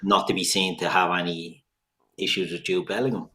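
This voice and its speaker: A man co-hosting a football podcast, talking in a measured, conversational way. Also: sits low, flat delivery, bright, forceful tone, slight background noise. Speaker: podcast co-host. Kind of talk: casual football podcast chat.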